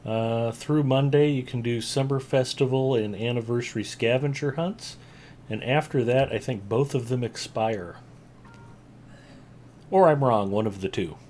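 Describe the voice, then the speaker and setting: A man hosting a live game stream, chatting casually and giving shout-outs to viewers and friends. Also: mid-range voice, measured pace, slight background noise. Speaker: streamer host.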